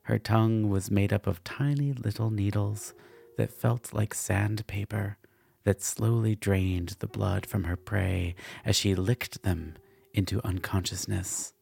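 A man narrating a dark fantasy story in a slow, measured way. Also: fairly low pitch, steady tone, vocal fry, breathy edge.

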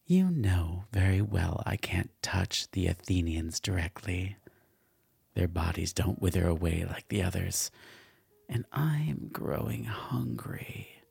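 A man voicing a hungry female demon who drains her prey, speaking in hushed, menacing whispers. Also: deep voice, lively intonation, moderate pace, no echo.

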